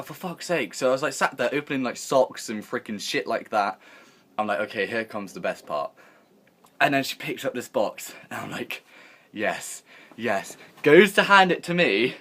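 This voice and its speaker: Young guy rambling through a story. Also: mid-range voice. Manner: rambling, animated, swears freely, acts out quotes. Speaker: vlogger. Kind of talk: casual storytelling.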